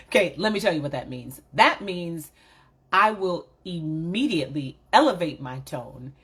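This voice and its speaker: A woman with a low, husky voice delivers a reflective motivational monologue. She speaks candidly and with emphasis, addressing her viewers directly as if in conversation. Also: expressive, measured pace, a bit bright. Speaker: motivational vlogger.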